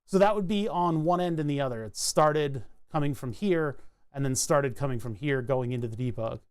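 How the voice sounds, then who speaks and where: A man streaming live, thinking aloud in a halting, self-interrupting way as he works through a technical problem. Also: mid-range voice, clear, resonant tone. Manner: muttering, halting, self-interrupting while debugging.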